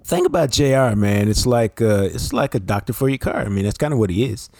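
A man's voice: mid-range voice, animated, fairly quick, darkish tone, dry recording, clean studio sound. A man co-hosting a sports podcast, talking bluntly and emphatically with plenty of slang. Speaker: podcast co-host. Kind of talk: casual sports talk and ad reads.

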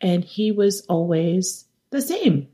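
A middle-aged woman with a low voice speaks as a guest in a conversational interview. She tells her stories with animation, slipping into the voices of the people she quotes and laughing often. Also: animated, takes it slowly, warm tone. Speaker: documentary director, interview guest.

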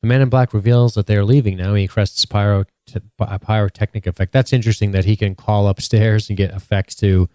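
A man co-hosting a podcast and recapping a TV episode with dry, joking remarks. His voice is low and mellow, recorded close and dry. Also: steady tone, fairly quick, few pauses, smooth, no room sound. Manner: summarizes plot, dry and joking. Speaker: podcast co-host. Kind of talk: casual TV recap chat.

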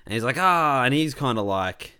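A man's voice: fairly low pitch, big pitch swings, a little fast, a bit bright. A young Australian man telling a rambling party story in casual chat, swearing freely.

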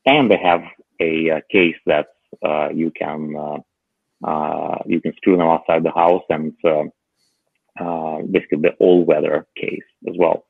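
A man's voice: very deep voice, steady tone, unhurried, vocal fry, no echo. A man chatting casually about tech gadgets as a podcast co-host, hesitant and full of filler sounds, heard over a remote call. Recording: muffled phone-like line.

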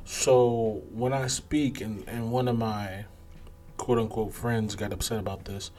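Male podcast host, lowish voice, casual but emphatic commentary style. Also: steady tone, unhurried, darkish tone, faint music behind. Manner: emphatic, conversational, acts out other people's replies.

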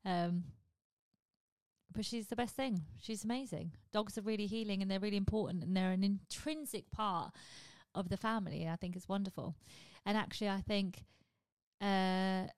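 A woman's voice: medium pitch, steady tone, moderate pace, a little mellow, clear, resonant tone, no echo. Candid rambling woman podcaster. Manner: candid, rambling, swears offhandedly. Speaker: podcast host. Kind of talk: casual podcast chat.

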